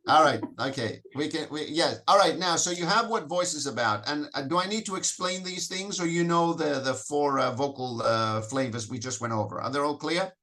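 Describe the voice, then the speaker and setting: A man's voice: fairly high pitch, normal speed, hardly any pauses, bright, forceful tone. A man leading an interactive workshop, firing questions at the audience and often restarting his sentences. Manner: questioning the audience, repeats phrases, frequent "so, so" restarts. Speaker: Toastmasters educator leading a session.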